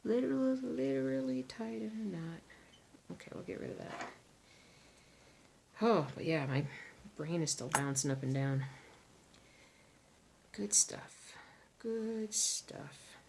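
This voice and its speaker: A woman chatting casually to viewers while she stitches. She sounds tired, talks to herself, and drops into soft muttered asides. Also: sits low, lively intonation, normal speed, creaky, background noise. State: tired and yawning. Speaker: crafting vlogger.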